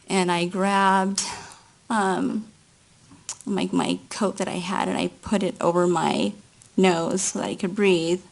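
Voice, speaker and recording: A woman testifying as a witness at a trial, recounting events in a slow, halting way. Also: on the low side, gravelly. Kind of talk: courtroom testimony.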